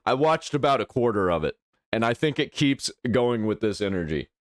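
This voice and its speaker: A man's voice: lowish voice, sing-song, normal speed, no echo. A man hosting a casual reaction commentary, blunt and profane, speaking into a close desk mic. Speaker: host reacting to videos.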